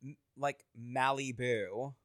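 A man co-hosting a podcast in casual chat, telling playful stories with animated energy. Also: medium pitch, slow pace, no room sound, studio quality. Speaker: podcast co-host. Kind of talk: casual chat, reality TV recap.

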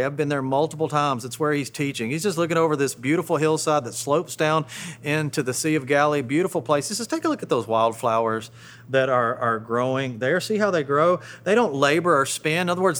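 A man's voice: on the high side, a bit bright. Stammering conversational preacher, a man. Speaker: pastor. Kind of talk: sermon.

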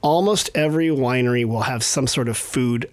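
A male host in casual chat, joking and teasing his guest with quick asides. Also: medium pitch. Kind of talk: casual radio-style chat.

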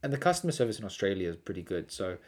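A man spinning stories in an easy chat, his pitch jumping all over as he gets into them. He laughs often and keeps an animated, storytelling flow. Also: racing. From South Africa. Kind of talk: casual chat.

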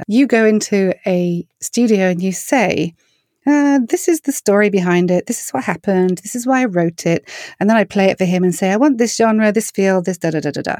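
A middle-aged English woman speaks in an earnest, storytelling way, her pitch sitting mid-range for a woman. The sound is close and dry, with no room around it. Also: no echo. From England. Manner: earnest, storytelling, animated when quoting others. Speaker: worship singer and author. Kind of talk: interview answers.

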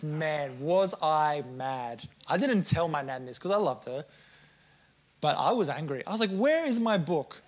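A man in his late twenties preaching a sermon to a congregation, telling stories with lively, self-mocking asides. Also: on the high side, unhurried. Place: church service before a congregation.

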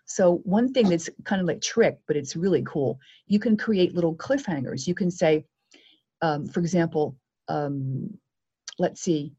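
A woman speaking as a guest media coach in a podcast interview, lively and acting out quoted exchanges. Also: fairly low pitch, normal speed, breathy edge, lo-fi sound.

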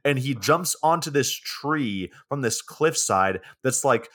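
A man hosts a casual podcast, recapping a movie's plot in a relaxed, wry style full of swearing. His voice is medium-pitched, animated and fairly bright, and he takes it slowly.

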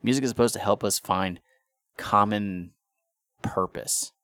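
A deep-voiced man talks through a casual podcast monologue, swearing freely and tripping over restarts as he rants. The sound is dry and close, with no room around it. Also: unhurried, a bit bright, dry recording. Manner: profane and ranting, with stammered restarts. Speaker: podcast host.

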